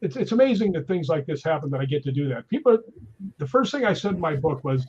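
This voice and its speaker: A middle-aged man, a stuntman guest, telling animated anecdotes in a casual conversation. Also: a little high, quick pace, a little hiss or hum. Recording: dull lo-fi sound.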